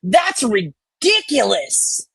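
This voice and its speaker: Woman, husky voice, slow and lively pitch, blunt profane co-host. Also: dry recording. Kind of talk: casual chat.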